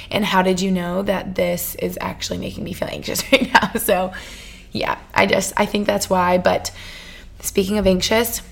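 Twenties woman hosting her own podcast, chatty and gushing, full of "like," prone to tangents. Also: on the low side. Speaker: podcast host. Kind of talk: casual solo podcast chat.

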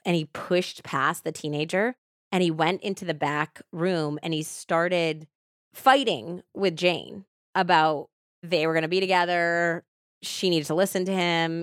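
Speaking at a fairly low pitch, a woman podcast host gives a chatty retelling of a true-crime case, saying "like" often. The recording is clean studio sound with no room sound.

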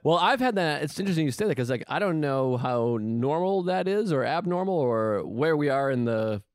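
A man hosting a podcast in casual chat who answers with quick agreements and wanders into tangents. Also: a little high, expressive, dry recording, clean studio sound. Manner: quick affirming "right, right" and tangents. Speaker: podcast host.

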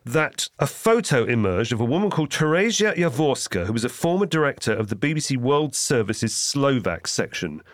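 A wry man reads out tabloid headlines with dry humour, and his pitch rises and falls freely. He is miked close in a dry studio with no echo. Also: big pitch swings, moderate pace, hardly any pauses. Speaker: podcast co-host. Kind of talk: casual newspaper review chat.

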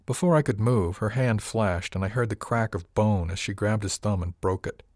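A man narrates a first-person audiobook in an even, wry voice that sits on the low side. The sound is dry and close, with no room in it. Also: moderate pace, dry recording.

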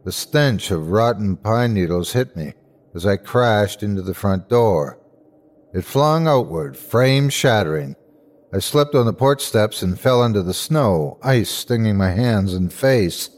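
A man hosting and narrating a scripted horror story with a measured, suspenseful delivery. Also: fairly low pitch, lively intonation. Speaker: host and narrator.

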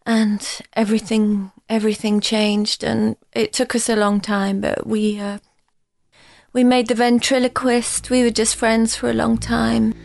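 A woman, a musician guest in a casual interview, telling her story in a rambling, halting way with many restarts. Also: on the high side, little pitch movement, vocal fry, a little mellow, no echo.

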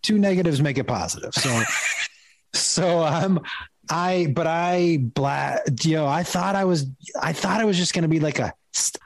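A man's voice: fairly high pitch, measured pace, vocal fry, no echo. A middle-aged man and comedian telling a funny story, laughing often and acting out the voices of the people in it. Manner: acts out quoted voices. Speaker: comedian guest. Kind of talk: animated comic storytelling.

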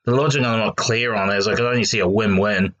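A man voicing a smooth-talking con man who coaxes and reassures his girlfriend, read out in a documentary podcast. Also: lowish voice, fairly even intonation, fast talker, fairly bright tone, muffled recording, lightly acted. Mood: reassuring. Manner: coaxing, reassuring.

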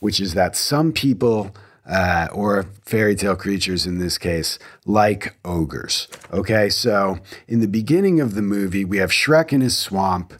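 A man in his thirties hosts a casual solo podcast from his home garage, speaking in a deep, expressive voice that runs a little slow. He's enthusiastic and rambling, often restarting sentences and correcting himself.

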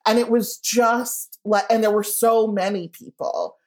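A woman telling a story in a casual interview, talking chattily with lots of "like" and animated quoted asides. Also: a little high, a little slow. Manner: chatty, heavy use of "like", animated quoting. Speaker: guest writer.

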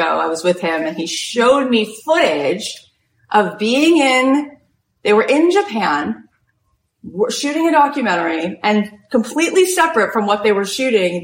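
A woman coach tells stories in an animated, conversational way, dropping "like" into nearly every phrase. Her voice sits at an ordinary middle pitch. The room around her rings with a noticeable echo. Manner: animated, frequent "like" fillers. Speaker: spiritual coach and host. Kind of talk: inspirational storytelling talk. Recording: roomy echo.

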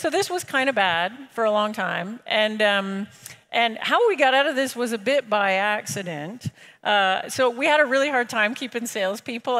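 A woman speaking in a fairly high voice as she tells a startup story to a live audience. She talks casually, with fillers and quick laughs, and her voice jumps up whenever she acts out someone else's lines. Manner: lively, animated quoting of others. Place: large room with an audience.

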